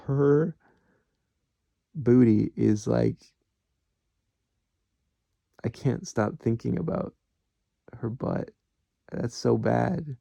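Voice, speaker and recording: A man's voice: mid-range voice, vocal fry, mellow, dry recording, muffled recording. A man talking alone to the camera in a rambling, candid monologue, swearing freely as he goes. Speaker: vlogger.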